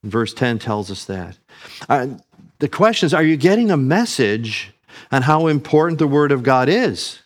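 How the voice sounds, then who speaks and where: A man's voice: mid-range voice, very animated, moderate pace. A man preaching a sermon, earnest, calling his listeners family and asking them questions.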